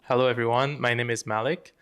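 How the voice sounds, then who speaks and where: A young man with a French accent speaks as a student guest in a measured, thoughtful way. His voice is smooth and resonant, and his pitch stays quite flat. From France. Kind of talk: casual interview.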